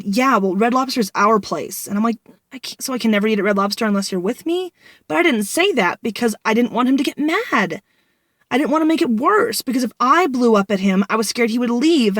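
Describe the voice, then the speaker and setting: A woman's voice: on the high side, no room sound, studio quality. A woman in her twenties tells a personal story in a candid vlog, rambling and venting with frequent restarts. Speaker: vlogger.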